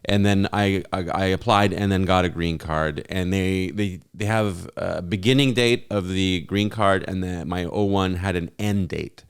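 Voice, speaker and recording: A man's voice: low-pitched, steady tone, a little slow, hardly any pauses, clear, resonant tone. A man guesting on a podcast in casual comedic chat, telling rambling stories and joking along. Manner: rambling storyteller, joking banter.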